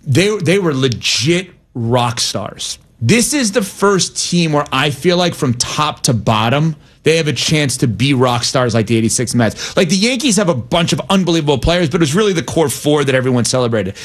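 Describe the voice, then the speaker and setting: A man's voice: fairly high pitch, lively intonation, moderate pace, few pauses. A man in casual conversation, eager and chatty. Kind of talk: casual chat.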